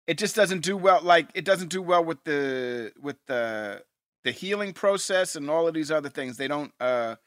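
A man's voice: on the high side, animated, a bit bright, dry recording. A man co-hosting a podcast, joking and riffing in casual chat. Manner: talkative, joking, quick to riff. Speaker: podcast co-host.

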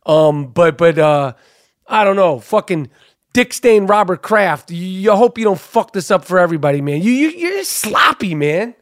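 A man hosting a podcast, ranting loudly and profanely about sports with lots of fillers. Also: high voice, moderate pace, no echo, studio quality. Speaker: podcast host.

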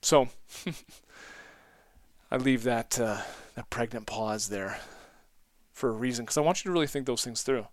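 A man's voice: medium pitch, a little slow, no echo, clean studio sound. A man hosting a solo podcast, talking reflectively, rambling and correcting himself, often laughing at himself. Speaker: podcast host.

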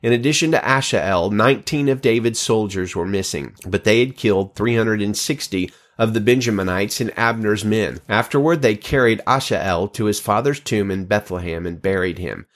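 Man reading scripture steadily. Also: lowish voice. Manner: measured, steady reading with dramatic rises on divine speech. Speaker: scripture reader.

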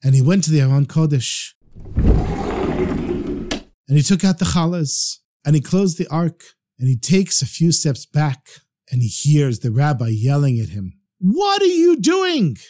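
A man telling a story aloud in a lively, animated way. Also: a little high, unhurried. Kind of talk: oral storytelling.

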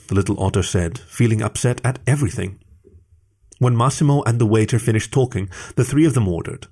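A man narrating a written story aloud in an expressive storytelling manner. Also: on the low side, a little fast. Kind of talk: scripted narration.

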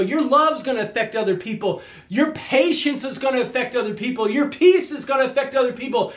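A man preaching a casual sermon, excitable and animated, laughing often as he talks. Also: very high-pitched, reverberant.

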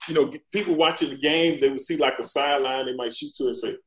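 A man's voice: medium pitch, quick pace, reverberant, rough recording. A man, a former pro football lineman, telling stories in a casual chat and acting out the quotes. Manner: animated storyteller, acts out quotes. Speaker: former NFL lineman guest.

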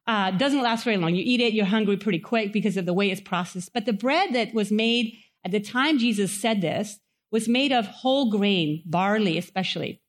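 A woman's voice: medium pitch, moderate pace. A woman preaching a sermon in a chapel, conversational, asking the audience questions and acting out quotes.

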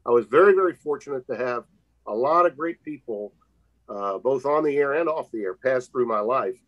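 An older man from Louisiana tells career stories in a folksy, reflective way. He is a veteran sports broadcaster being interviewed. His voice is mid-pitched, and the recording is a little dull and lo-fi. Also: a bit bright. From Louisiana, USA. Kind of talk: interview conversation. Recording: slightly dull lo-fi audio.

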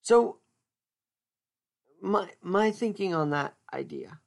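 A man's voice: sits high, wildly swooping pitch, slow, vocal fry. A man hosting a podcast, chatting casually and joking as he thinks aloud, often restarting his words. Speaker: podcast host. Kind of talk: casual solo podcast chat.

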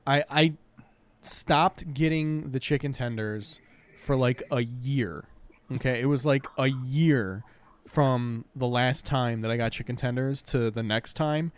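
A man co-hosting a podcast, giving blunt, profane, deadpan retorts in casual chat. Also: mid-range voice, slow pace, smooth. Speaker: podcast co-host.

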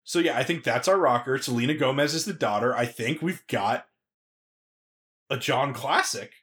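A man co-hosting a casual comedy podcast, animated and laughing often. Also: mid-range voice, moderate pace. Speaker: podcast co-host.

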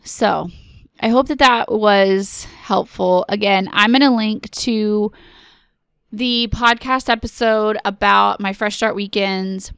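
Slow, earnest mom podcast host. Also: female voice, mid-range voice, fairly bright tone, clear, resonant tone, no room sound, clean studio sound. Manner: earnest, pep-talk, direct address to listeners. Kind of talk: casual encouraging podcast talk.

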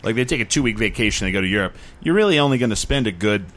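A man's voice: lowish voice, expressive, racing, fairly bright tone. A man co-hosting a podcast in casual chat, joking and slipping into silly voices. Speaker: podcast co-host.

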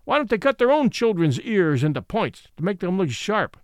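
A man reading the part of a fiery yet gentle old male horse in a storybook, speaking indignantly and moralizing. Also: high-pitched, big pitch swings, moderate pace, dry recording, studio quality.

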